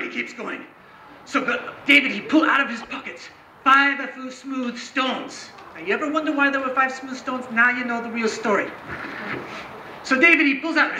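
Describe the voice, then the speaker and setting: Very high, bright-voiced storyteller man. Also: moderate pace, a little hiss or hum. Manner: animated, chatty with the audience. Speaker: storyteller and juggler. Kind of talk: live comic storytelling. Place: live performance room. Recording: echoey room.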